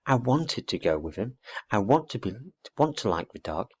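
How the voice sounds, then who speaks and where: A man's voice: on the low side, big pitch swings, normal speed. A man voicing an anxious, eager young boy barn owl in a storybook reading, dull lo-fi recording. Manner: eager, chattery, a little boastful.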